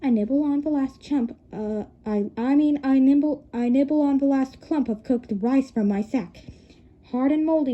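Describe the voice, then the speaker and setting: A woman reads a novel aloud in a high, mellow voice, stumbling over words and correcting herself. She breaks off for chatty asides to her listeners. The recording sounds dull and lo-fi. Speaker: reader.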